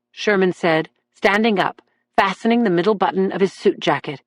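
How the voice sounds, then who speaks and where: Steady woman audiobook narrator, dry read. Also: mid-range voice, moderate pace, no echo. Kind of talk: scripted narration.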